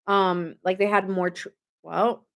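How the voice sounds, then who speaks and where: A woman's voice: mid-range voice, flat delivery, a little slow, vocal fry, fairly bright tone. A woman giving a casual live-stream tarot reading, chatty and rambling, thanking viewers as she goes. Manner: chatty, rambling, reads chat aloud. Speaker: tarot reader.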